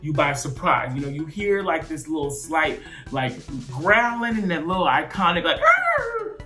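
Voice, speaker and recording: A man's voice: on the high side, moderate pace, soft background music. A man joking animatedly about theme park rides. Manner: animated, jokey. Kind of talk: casual group chat.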